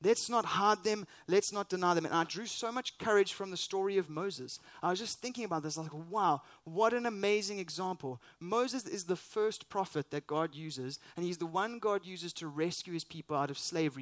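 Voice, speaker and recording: A man's voice: sits high, moderate pace, few pauses, fairly bright tone, no echo. A man preaching a sermon as pastor, earnest and emphatic, with rhetorical questions.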